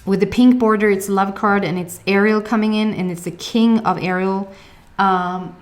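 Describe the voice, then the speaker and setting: A woman's voice: mid-range voice, steady tone, normal speed. Chatty woman with a Swedish accent. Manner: chatty, laughs often, searches for words. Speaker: tarot reader. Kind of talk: casual tarot reading.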